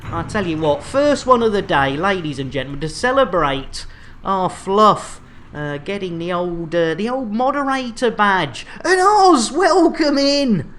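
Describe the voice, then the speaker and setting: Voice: medium pitch, lively intonation, normal speed, a bit bright, slight background noise. A game streamer chatting casually on a live stream, with jolly, chatty showman patter and playful catchphrases.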